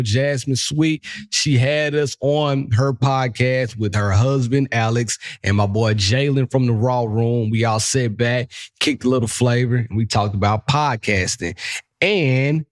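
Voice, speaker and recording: A man's voice: mid-range voice, a little slow, dry recording, clean studio sound. A man hosting a casual podcast chat, telling stories in a slangy, profane way and slipping into voices. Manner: animated storyteller, slangy and profane, jumps into voices. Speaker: podcast host.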